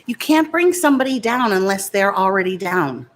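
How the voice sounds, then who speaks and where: A woman's voice: medium pitch, expressive, moderate pace. A woman beauty vlogger chatting casually while doing her makeup and answering viewer comments in a defiant, talkative way. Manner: defiant, chatty, talks back to critics.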